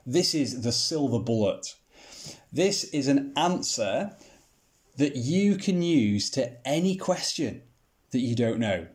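Male teacher, even-pitched, rhetorical and dryly humorous delivery. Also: slow pace. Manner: rhetorical questions, mildly sarcastic humor. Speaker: Bible teacher. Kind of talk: scripted teaching talk.

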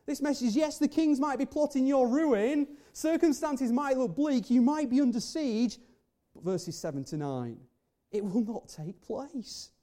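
Guy preaching, kinda high voice but mellow, asks lots of rhetorical questions. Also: animated, moderate pace. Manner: earnest, rhetorical questions, builds emphasis. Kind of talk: sermon.

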